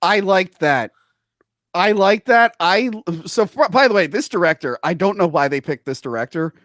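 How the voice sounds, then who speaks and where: Animated high-voiced man reviewing a movie. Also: normal speed, no room sound, clean studio sound. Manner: animated, jokey, acts out his own reactions. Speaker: podcast host. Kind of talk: casual movie review chat.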